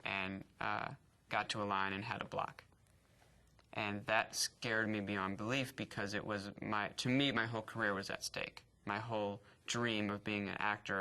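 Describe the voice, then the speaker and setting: A man's voice: on the low side, sharp tone. A man in his thirties, an actor, telling his own story in a candid, reflective way, with stutter blocks and repeated sounds. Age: 30s. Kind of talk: personal interview testimony.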